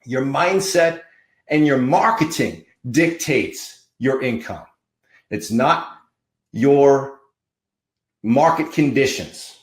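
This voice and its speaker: A man's voice: mid-range voice, lively intonation, takes it slowly, long pauses, echoey room. A man hosting a podcast as a marketing coach, giving a fiery, preachy motivational talk full of punchy repeated slogans.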